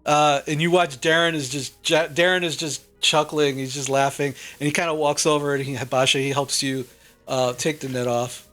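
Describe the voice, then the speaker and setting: A man narrates a tabletop game as game master in a loose, casual way. He uses many fillers, and his voice sits a little high. Faint music plays under him. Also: steady tone, moderate pace, a bit bright.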